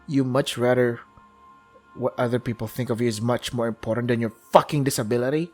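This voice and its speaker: Young guy reading a visual novel out loud and cussing at it, blows up loud now and then, mid voice, soft music in the back. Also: mid-range voice, fairly even intonation, a little fast. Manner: profane, exasperated ranting with sudden loud outbursts. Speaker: let's play streamer. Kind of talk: reading a visual novel aloud with ranting commentary.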